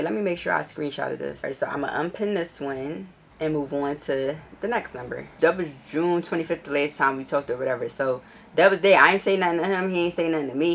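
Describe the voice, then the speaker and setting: A woman vlogger telling a casual story in a blunt, profane, animated way. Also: sits low, gravelly, a little hiss or hum.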